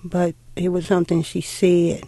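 A middle-aged woman telling a heartfelt personal story in an unhurried way, acting out old conversations. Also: on the low side, monotone, mellow, no echo. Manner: unhurried, heartfelt, acts out dialogue. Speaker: interviewee.

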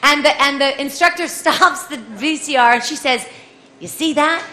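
High, bright-voiced woman telling a comic story. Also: normal speed, slight background noise. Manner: lively, animated, acts out voices of others. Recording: echoey room with faint ambience.

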